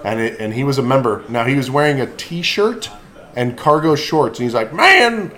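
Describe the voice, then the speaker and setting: A man's voice: medium pitch, moderate pace, a bit bright. A man hosting a casual chat, telling rambling stories and laughing often. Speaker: podcast host.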